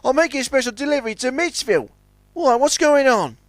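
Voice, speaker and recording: A man plays a cheeky little tugboat with a high, quick voice. He darts through his lines with a lively bounce, recorded close and dry. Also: dry recording.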